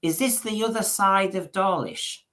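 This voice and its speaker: A man's voice: high voice, a little slow, a bit bright. A man co-hosting a podcast in casual chat, rambling along and often restarting his sentences with repeated words. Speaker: podcast co-host.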